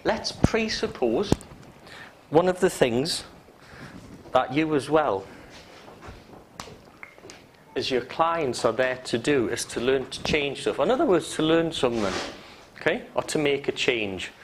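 A man's voice: mid-range voice, very animated, measured pace, noisy background. A man with a Geordie accent teaching hypnotherapy to a live class, joking and acting out example phrases. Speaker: hypnotherapy trainer. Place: training room with students.

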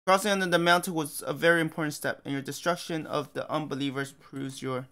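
A man's voice: a little high, steady tone, fast talker, bright, forceful tone. A man voicing a commanding, condescending male god who speaks in a grand, lofty way.

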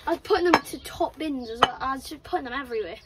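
A breathless young woman chatting and mocking herself while filming outdoors in a garden. Her voice sits high, and the outdoor recording carries a lot of background noise. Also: quick pace. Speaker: vlogger. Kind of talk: casual outdoor football vlog.

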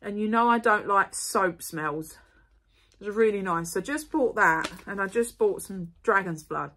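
A middle-aged woman, chatting casually to camera as she unboxes and shows off purchases, rambling with quick asides and apologies. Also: mid-range voice, expressive, pushed and bright, a little hiss or hum. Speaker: vlogger.

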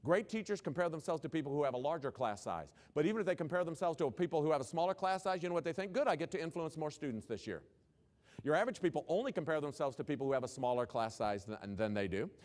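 A man giving a humorous, animated conference keynote and asking the audience questions. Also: a little high, fast talker. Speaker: keynote speaker.

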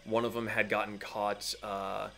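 A man's voice: on the low side, little pitch movement, measured pace, creaky, sharp tone, slight background noise. A man narrating as game master in a tabletop game, rambling with many fillers.

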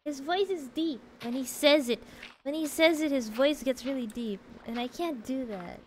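A woman's voice: sits high, normal speed, slight background noise, rough recording. A woman streaming a game, chatting casually, answering chat and laughing often.

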